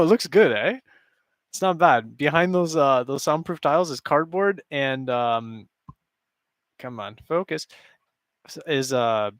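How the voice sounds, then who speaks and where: A man live streams from his basement in front of cardboard, rambling, joking and chuckling often with his viewers. The voice is medium-pitched, recorded at studio quality without echo.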